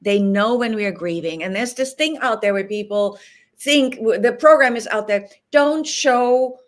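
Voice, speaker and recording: A woman's voice: mid-range voice, normal speed. Earnest woman hospice guest. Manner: earnest, acts out quoted dialogue. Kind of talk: interview conversation.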